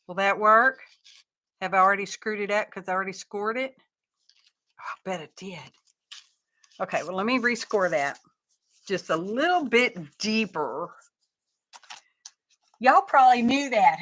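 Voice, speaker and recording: A medium-pitched, slightly bright female voice, animated yet a little slow, with long pauses. She chats easily with viewers during a crafting livestream, making self-deprecating remarks and explaining each step as she works through it.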